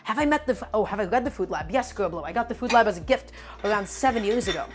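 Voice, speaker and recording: In her home kitchen, a woman streams a live cooking demonstration, talking animatedly to viewers as if they were her friends and repeating her points with emphasis. She has a medium-pitched, expressive voice and talks fast. Faint music plays behind her.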